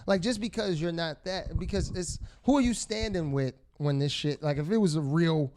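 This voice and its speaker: A man's voice: fairly high pitch, normal speed, darkish tone. A man co-hosting a podcast in casual chat, teasing and laughing often. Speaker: podcast co-host.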